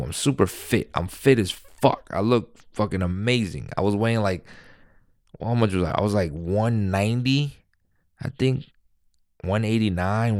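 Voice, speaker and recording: New man, deep, dry close recording, rambling casual storyteller who swears. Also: dry recording. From New York. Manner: rambling, animated, swears freely.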